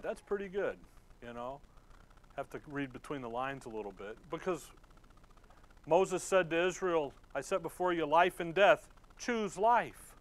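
Folksy preacher man, higher-pitched voice. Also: fairly bright tone. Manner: conversational, folksy, laughs often; reads scripture slowly and deliberately. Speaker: pastor. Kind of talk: sermon.

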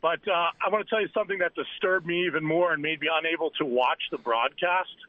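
A man calls into a talk show and stumbles through his points, repeating his words as he goes. His voice sits a little high and comes through a dull, lo-fi phone line. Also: fast, dry recording. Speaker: caller. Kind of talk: phone-in call.

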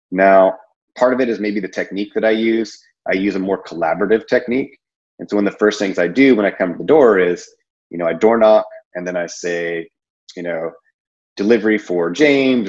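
A man's voice: low-pitched, darkish tone, lo-fi sound. A man giving a casual sales training talk, rambling and conversational with many fillers and restarts. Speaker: insurance sales presenter.

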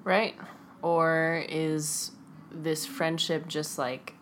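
A woman's voice: sits low, level tone, drawn-out words, slight background noise. A woman co-hosting a podcast in casual chat, chiming in with dry, teasing remarks. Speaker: podcast co-host.

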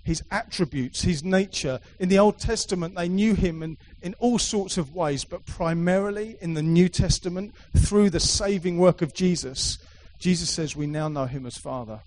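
A man's voice: high voice, normal speed, hardly any pauses, darkish tone, slight background noise, poor audio. A middle-aged man preaching a sermon to a congregation, emphatic and repetitive, with playful asides. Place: church hall with a live congregation.

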